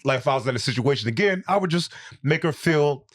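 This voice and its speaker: Expressive male comedian guest. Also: fairly high pitch, quick pace. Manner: expressive, jumps loudly into acted-out lines. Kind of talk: casual chat.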